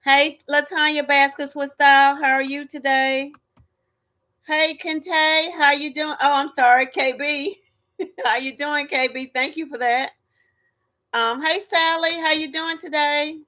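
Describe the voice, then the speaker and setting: A chatty woman hosts a relaxed live stream. Her voice sits a bit high, and she greets viewers one by one in a loose, homey way. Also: unhurried. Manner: chatty, greets viewers by name, Southern US phrasing. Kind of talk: casual live stream chat.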